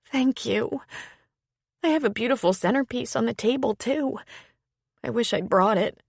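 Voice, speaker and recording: A woman narrator voicing an emotional, tearful pregnant young woman in an audiobook, speaking a little higher than her narration. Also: normal speed, vocal fry, no echo, studio quality. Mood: chatty. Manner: tearful, sniffling.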